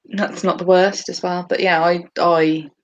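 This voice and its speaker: A woman's voice: lowish voice, flat delivery, unhurried, highs cut off. A woman from England with a Birmingham accent, co-hosting a casual podcast chat and dropping her T's as she talks. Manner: chatty, drops her T's. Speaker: podcast co-host.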